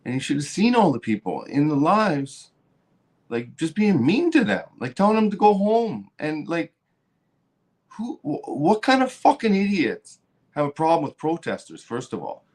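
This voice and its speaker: A man's voice: a little high, big pitch swings, normal speed, darkish tone. A man hosting a podcast, ranting heatedly with constant swearing and repeated words. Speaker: podcast host. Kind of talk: profane political rant.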